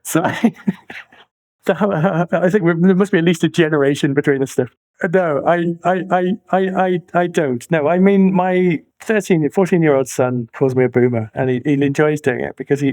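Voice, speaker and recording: A man's voice: medium pitch, darkish tone, no room sound. A man in his forties, a financial planner being interviewed, talking emphatically and reaching for colourful analogies. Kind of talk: conversational interview.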